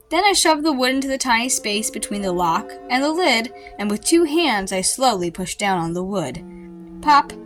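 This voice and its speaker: A mother reading a children's chapter book aloud to her kids, in a lively, dramatic way. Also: a little high. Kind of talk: storybook read-aloud.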